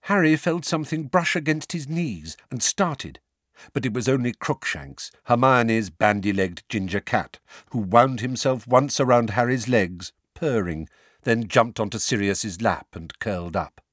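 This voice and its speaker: A man reading a novel aloud as an audiobook narrator, lively and expressive. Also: on the low side, a little slow, no echo, clean studio sound. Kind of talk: scripted narration.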